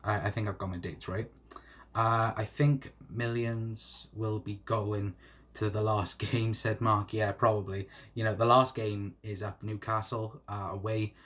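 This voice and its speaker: A man's voice: on the low side, flat delivery, unhurried, fairly bright tone. A young man hosting a fan live stream, reading out comments and chatting in a rambling way full of fillers. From England. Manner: rambling, many fillers like "you know" and "uh". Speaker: fan channel host.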